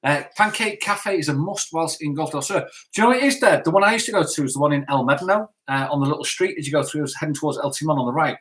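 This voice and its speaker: A man's voice: a little high, fast talker, few pauses, a bit bright. Man co-host, casual live chat, jokey, reads comments, trips on words. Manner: chatty, jokey, stumbles over words.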